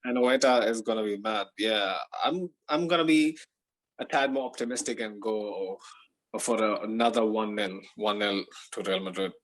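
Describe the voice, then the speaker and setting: A man talking on a casual football podcast as a panelist, halting often as he searches for words. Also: lowish voice, poor audio.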